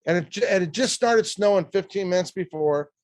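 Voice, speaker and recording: A man in his sixties, a podcast guest telling a personal story in a lively, fast way, often restarting his sentences. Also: sits high, no echo.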